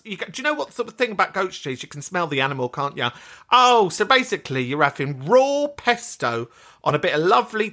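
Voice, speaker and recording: Animated, sweary woman host. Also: on the low side. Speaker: podcast host. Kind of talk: casual chat.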